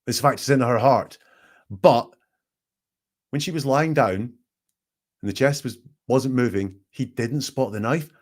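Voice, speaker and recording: A man's voice: mid-range voice, measured pace, pauses often. A man hosting, analyzing a recorded call with emphatic, questioning commentary. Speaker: statement analyst host.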